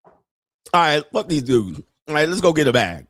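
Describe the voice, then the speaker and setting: A man's voice: fairly high pitch, fairly bright tone, husky, no echo. Blunt profane man ranting, dry sound. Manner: blunt, heavy swearing, laughs often. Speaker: podcast host. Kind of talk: profane livestream rant.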